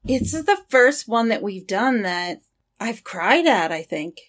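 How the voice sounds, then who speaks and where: A woman co-hosting a movie podcast, reassuring and chatty, talking in quick bursts. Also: fairly high pitch, sing-song. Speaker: podcast co-host. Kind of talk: casual chat.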